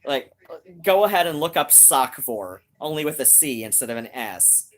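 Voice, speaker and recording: A woman's voice: a bass voice, sing-song, normal speed. A woman hosting a live stream, chatting casually and rambling with many restarts, talking straight to her viewers. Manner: talks straight to viewers in chat.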